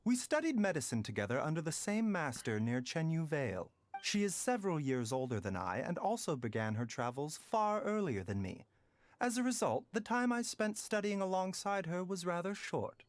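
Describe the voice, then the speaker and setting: A man voicing a soft-spoken adult male doctor in a game, speaking in a measured, courteous, slightly formal way. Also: on the high side, big pitch swings, slight background noise. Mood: reflective. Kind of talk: game character dialogue.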